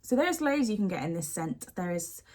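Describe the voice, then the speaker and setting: A woman's voice: mid-range voice, sing-song, brisk, darkish tone. A young woman, chatting casually and gushing to camera about beauty products she misses. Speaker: beauty vlogger.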